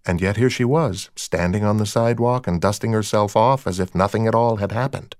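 A man's voice: lowish voice, a little fast, darkish tone, no echo. A man narrating a first-person crime story in a dry, wry storytelling manner. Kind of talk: audiobook narration of a crime novel.

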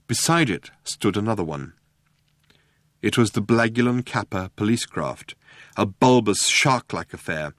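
A man doing scripted narration of an audiobook in a dry, measured way. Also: on the low side, a bit bright, dry recording.

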